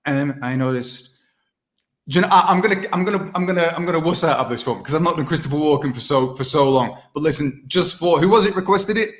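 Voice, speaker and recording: Here the same kind of speaker, a British impressionist in his thirties, talks quickly in a fairly high voice. It's a casual video-call chat, full of self-deprecating rambling and frequent false starts.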